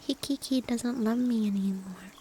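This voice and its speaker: A woman ASMR streamer whispering softly in a playful, teasing way as she chats to her viewers. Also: on the high side, normal speed, a little hiss or hum. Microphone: binaural or USB mic.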